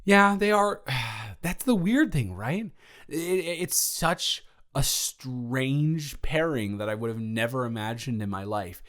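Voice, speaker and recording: A man's voice: medium pitch, expressive, slow, fairly bright tone. A young man improvising an audio role-play, talking in a flustered, rambling way with many stammering restarts.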